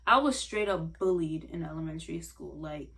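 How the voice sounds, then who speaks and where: A young woman telling a personal story in a casual, halting way, full of "like" fillers. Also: low-pitched, vocal fry. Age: young adult. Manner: halting, many "like" fillers, soft and earnest. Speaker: vlogger sharing a personal story. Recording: voice a bit far from the mic.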